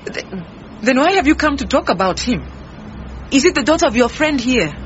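A defensive, brusque head cook, slightly muffled radio-drama sound. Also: female voice, high-pitched, sing-song, normal speed, slight background noise. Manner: brusque, indignant.

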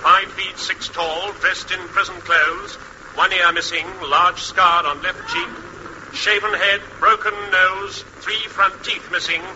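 A clipped, formal police radio dispatcher with a fairly high voice. The old radio recording sounds dull and muffled, with a loud steady hiss. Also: male voice, measured pace, few pauses, heavily acted. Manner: crisp formal announcing. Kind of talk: vintage radio comedy acting.

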